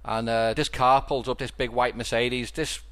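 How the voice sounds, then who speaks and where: A man's voice: mid-range voice, fairly even intonation, normal speed, fairly bright tone. A man with a Scouse accent from Liverpool, hosting a casual podcast and telling stories with lots of restarts and repeated words. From Liverpool, England. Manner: rambling storyteller with frequent restarts. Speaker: podcast host.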